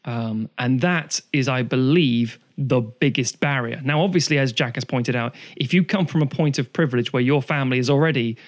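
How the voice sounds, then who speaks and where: A man's voice: mid-range voice, moderate pace, hardly any pauses. A man, co-hosting a casual podcast chat, rambling through long digressions and swearing freely. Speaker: podcast co-host.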